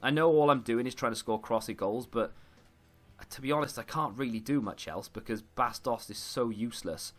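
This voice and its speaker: A man talks his way through a football video game match, grumbling at his players and at himself as things go wrong. His voice sits at an ordinary middle pitch, and he jumps from the play on screen to chatty asides to his viewers. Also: moderate pace, a bit bright. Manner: exasperated, self-deprecating running commentary. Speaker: gaming YouTuber. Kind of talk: live gameplay commentary.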